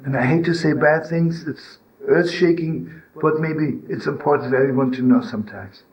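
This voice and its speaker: An older man giving an informal religious teaching, telling stories and asking "right?" and "you know?" to his listeners, rising to loud scolding when he acts out a harsh inner voice. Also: fairly high pitch, normal speed, low-quality recording. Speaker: rabbi and storyteller.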